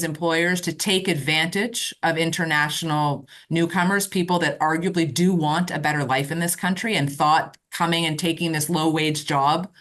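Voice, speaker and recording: A woman's voice: fairly low pitch, fairly bright tone. A woman political reporter speaking as a podcast guest, earnest and emphatic, with frequent restarts. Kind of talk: casual political talk. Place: remote from Ottawa.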